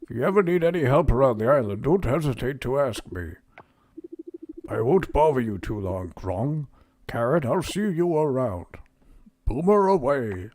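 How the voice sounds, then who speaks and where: A man's voice: medium pitch, animated, moderate pace, darkish tone, lightly acted. An actor playing a friendly, old-fashioned male mayor in a farming video game, folksy and a little grumbly about young people. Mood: welcoming.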